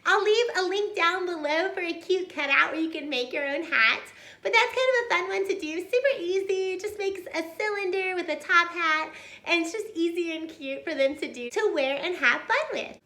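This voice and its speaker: Young woman tutor with a very high, bright voice, cheerful and chatty, in an echoey room. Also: expressive, moderate pace. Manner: cheerful, chatty, demonstrates songs and hand motions. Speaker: homeschool tutor and video host. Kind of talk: upbeat how-to teaching video.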